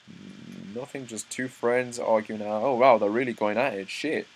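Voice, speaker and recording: Man, lowish voice, live reaction read-through, excited asides, restarts. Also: normal speed, gravelly, breathy edge, low-quality recording. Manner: reads dialogue aloud, breaks off into excited asides, stumbles and restarts. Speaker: manga reaction host.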